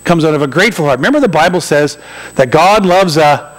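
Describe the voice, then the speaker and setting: A man's voice: on the high side, lively intonation, fairly quick. A man preaching a sermon in a church, chatty and joking, with asides to the congregation. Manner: conversational and joking, with acted-out asides. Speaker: pastor. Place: church sanctuary. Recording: poor quality church recording.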